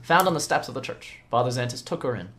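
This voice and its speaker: A man's voice: medium pitch, animated, fast, a bit bright, slight background noise. A man running a tabletop game, narrating casually with fillers and answering players in character. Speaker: game master.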